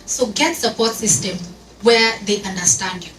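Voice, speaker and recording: A woman telling stories on an event panel in a lively, animated way, mixing English with Swahili phrases and drawing the audience in. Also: medium pitch, moderate pace. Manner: animated, storytelling, code-switches into Swahili. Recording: echoey room from far off, noisy.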